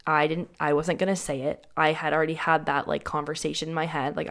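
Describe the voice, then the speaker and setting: Low, gravelly-voiced young woman. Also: level tone, a little fast, a bit bright. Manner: casual, heavy use of "like", frequent restarts. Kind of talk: candid personal storytelling.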